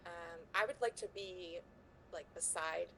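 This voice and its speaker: A woman's voice: fairly low pitch, unhurried, bright, forceful tone, rough recording. Woman player, unsure and kinda apologetic, stammers a lot, faint hiss behind. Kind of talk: tabletop game play.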